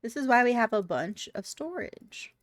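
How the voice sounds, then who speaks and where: A woman's voice: on the high side, sing-song, normal speed, no room sound, studio quality. A woman streaming a game live, chatting crudely with her viewers and giggling while she plays. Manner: crude, giggly, talks to chat while playing.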